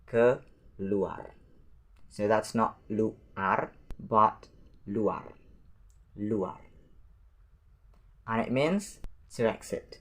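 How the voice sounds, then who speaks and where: Slow, patient male language teacher. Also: fairly low pitch, a bit bright. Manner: patient, repeats each word slowly and carefully. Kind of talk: language lesson.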